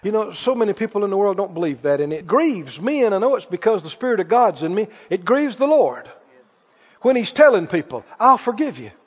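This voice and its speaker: A man preaching a sermon, animated, acting out Bible dialogue with chuckles. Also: high voice, a little fast, slightly rough. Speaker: pastor. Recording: dull sound with long hall reverb.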